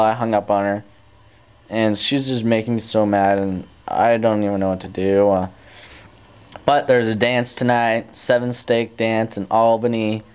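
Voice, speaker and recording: Teenage male vlogger, low smooth voice, rambling storyteller, muffled lo-fi tape sound. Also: measured pace. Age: teens. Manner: rambling, restarts often, animated when retelling. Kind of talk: casual storytelling to camera. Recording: dull lo-fi camcorder tape audio.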